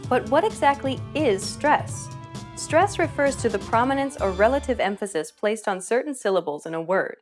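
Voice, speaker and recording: A woman presenting a scripted language lesson, with upbeat and clear instructional delivery. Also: on the high side, expressive, normal speed, faint music behind. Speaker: language teacher.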